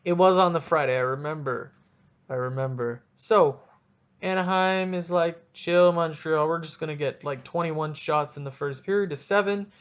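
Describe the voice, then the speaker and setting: A man's voice: fairly high pitch, moderate pace, clean tone, muffled recording. Rambling, jokey young man podcasting solo. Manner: rambling, jokey, animated, self-deprecating. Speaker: podcast host. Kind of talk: solo casual hockey podcast chat.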